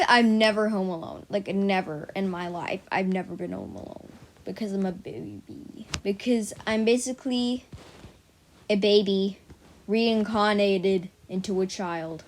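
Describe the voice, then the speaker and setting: A woman's voice: mid-range voice, lively intonation, a little slow. A teenage girl rambling casually to her viewers in a silly, chatty vlog, full of "like" and tangents. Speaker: vlogger.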